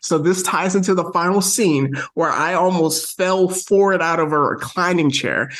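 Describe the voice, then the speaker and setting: A man co-hosting a podcast, recapping a movie plot in a rambling, excited way. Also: high-pitched, normal speed. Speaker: podcast co-host. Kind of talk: casual movie review chat.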